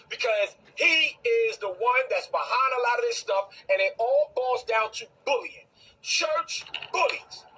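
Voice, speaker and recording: A man from Brooklyn with a very husky, raspy voice pitched high for a man, hammering at his points with a sharp, forceful edge. He delivers a confrontational rant and keeps repeating his lines for emphasis. His voice sounds distant from the microphone. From Brooklyn, New York. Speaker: bishop. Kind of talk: heated direct-to-camera rant.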